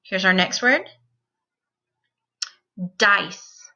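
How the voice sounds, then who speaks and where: A woman teacher guides young children through phonics, sounding out every word at a very slow, careful pace. Her voice is bright and clear, though the recording itself sounds a little dull and lo-fi. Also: mid-range voice, expressive.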